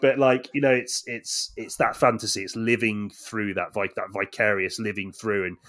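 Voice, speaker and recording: Lower-voiced man, animated analysis. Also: moderate pace. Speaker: podcast co-host. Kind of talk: casual chat.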